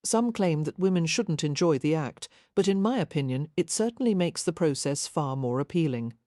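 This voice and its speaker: A pragmatic, caring young matron from a Victorian romance audiobook, as a woman narrator voices her. She talks frankly and practically in a lowish, mellow voice, recorded dry and close. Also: lively intonation, moderate pace, dry recording.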